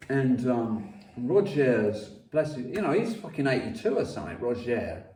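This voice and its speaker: A man tells a long story in a mellow, unhurried voice. He swears freely, restarts sentences and coughs now and then. The room is echoey and the mic sits some way off. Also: medium pitch, sing-song. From London. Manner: profane, repetitive, many restarts and coughs. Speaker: podcast guest. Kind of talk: rambling casual storytelling. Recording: roomy, distant mic.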